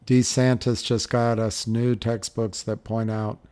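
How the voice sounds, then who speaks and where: A man's voice: mid-range voice, level tone, a little slow, darkish tone. A middle-aged man hosting a livestream, chatting casually and rambling through viewer comments with frequent chuckles. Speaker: livestream host.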